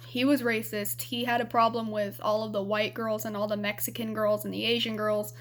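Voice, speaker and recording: A young adult woman vlogging, telling a personal story in a candid, rambling way with lots of fillers. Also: a little high.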